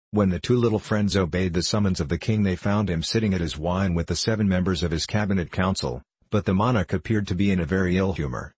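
A man narrating a classic tale as an audiobook, in a measured, steady manner. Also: low-pitched, breathy edge, no echo. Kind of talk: audiobook reading.

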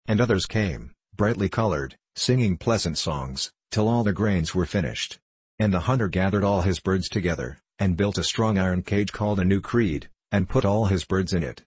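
Low husky guy reading a story, dry close sound. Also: moderate pace, a little mellow, dry recording. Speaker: narrator.

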